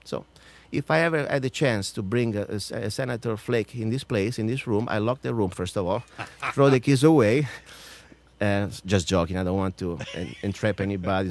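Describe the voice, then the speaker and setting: A man with a non-native accent hosting a radio talk show, ranting about politics with strong emphasis, swinging from loud outbursts to low mutters. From outside the United States.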